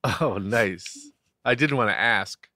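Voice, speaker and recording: A man's voice: on the low side, slow pace, sharp tone, no room sound, clean studio sound. A man co-hosting a podcast in casual chat, teasing and joking with profane humor. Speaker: podcast co-host.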